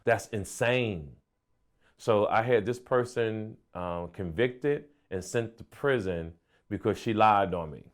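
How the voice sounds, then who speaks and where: A man's voice: lowish voice, takes it slowly. A man, a comedian guest, recounting a personal story in a matter-of-fact way.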